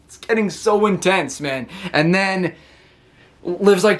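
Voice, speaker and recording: A man with a high voice gushes through a casual show recap. He rambles, corrects himself mid-sentence and keeps breaking into laughter. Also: a little slow. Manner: excitable, rambling, self-correcting, laughs often. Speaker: wrestling channel host.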